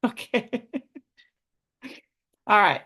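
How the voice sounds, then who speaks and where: A woman's voice: fairly high pitch, animated, drawn-out words, bright, forceful tone, slightly rough. A woman poet reading a wry, ranting rhymed poem over a video call. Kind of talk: rhyming poetry reading.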